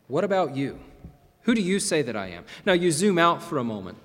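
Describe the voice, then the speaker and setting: A man preaching a sermon as pastor, emphatic, with dramatic pauses and swings between loud and soft. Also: on the high side, very animated. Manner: emphatic, rising and falling delivery with dramatic pauses. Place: church sanctuary. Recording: long reverb of a large hall.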